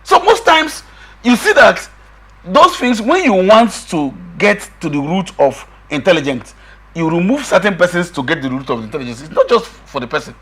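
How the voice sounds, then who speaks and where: A middle-aged man with a husky voice, arguing emphatically as a guest in a political discussion, often repeating himself. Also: high-pitched, very animated, normal speed, a bit bright. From Nigeria. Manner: emphatic, repeats himself, quotes others in raised voice.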